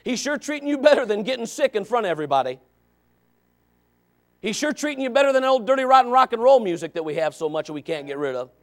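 A man gives a sermon as associate pastor, his voice sitting high for a man. He is folksy and quick to joke. He drops into low, quiet asides, then climbs to loud, shouted calls to his listeners. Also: sing-song. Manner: folksy, joking, with sudden dramatic emphasis.

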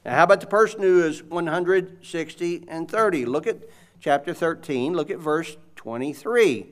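A man preaching a sermon in an animated, conversational way, asking the audience questions. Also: on the high side, moderate pace.

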